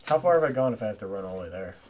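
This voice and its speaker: A man's voice: fairly low pitch, lively intonation, rapid-fire, darkish tone, a little hiss or hum. A man playing a tabletop game, joking and asking the game master playful questions. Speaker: player. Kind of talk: casual tabletop game chat.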